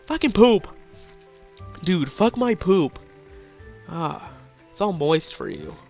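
A man's voice: high voice, sing-song, slow, creaky, warm tone, soft background music. A young man with a sore throat giving hyper, giggly, crude gameplay commentary, rambling on. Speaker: gaming YouTuber.

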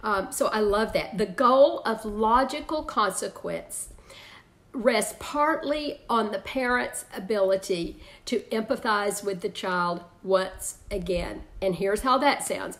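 A woman's voice: medium pitch, expressive, slow, fairly bright tone. Chatty woman teaching parents. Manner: chatty, laughs often, reads out viewers' comments. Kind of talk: online parenting class.

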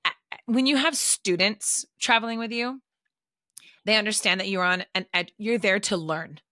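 A woman's voice: medium pitch, moderate pace, pushed and bright, dry recording, studio quality. A woman chatting casually on a podcast, digressive and full of "like" fillers. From Southern California. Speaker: teacher and podcast regular.

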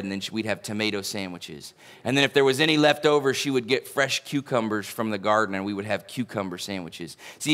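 A man's voice: mid-range voice, fairly bright tone. A male pastor, preaching a sermon in a folksy, humorous storytelling way. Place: church sanctuary.

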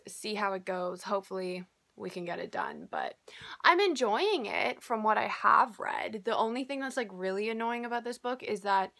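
A woman's voice: mid-range voice, sharp tone. A young woman chatting casually to camera in a book vlog, rambling with lots of filler words. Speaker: book vlogger.

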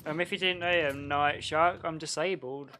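A man live-streaming a game, giggling constantly and yelping excited exclamations between casual chat. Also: on the high side, moderate pace, slight background noise. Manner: giggly, laughing through his words.

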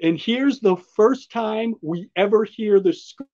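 A man's voice: sits high, measured pace, a little mellow, muffled recording. A man co-hosting a podcast, enthusiastically walking through a comic book in rambling, casual chat with frequent laughs. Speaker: podcast co-host presenting a comic.

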